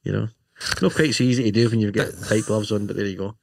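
This podcast co-host speaks quickly in a lowish, steady, creaky voice with no echo. He jokes and rambles through a laid-back motorcycle gear chat, constantly tossing in "you know" and asking "right?".

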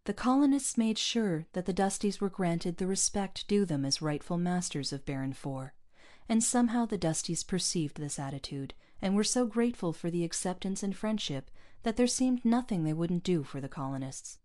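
A woman narrating a science fiction story aloud in a steady, even manner. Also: fairly low pitch, moderate pace. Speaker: audiobook narrator. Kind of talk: scripted narration.

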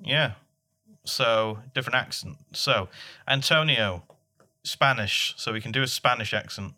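A man co-hosts a comedy podcast with dry, laid-back remarks. His voice is strikingly bright and sharp at a middle pitch. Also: measured pace. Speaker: podcast co-host.

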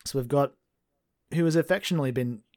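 A man's voice: medium pitch, quick pace, a little mellow. Male host, casual gaming podcast, dry self-mocking humour, mid-range voice. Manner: wry, self-deprecating, steers the segments. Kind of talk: casual chat about video games.

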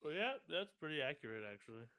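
A man's voice: on the high side, expressive, fast talker, sharp tone, no echo. A man co-hosting a casual podcast, laid-back and agreeable, reading out a news headline at times. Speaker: podcast co-host. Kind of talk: casual chat.

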